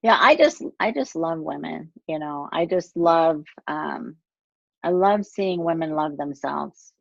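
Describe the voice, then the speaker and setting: A middle-aged woman speaks as a guest coach, her tone earnest and encouraging. Her voice sits a little low and comes across dull and lo-fi, with a dry, close sound and no room around it. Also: expressive, a little slow, gravelly, no echo. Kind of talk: casual interview chat.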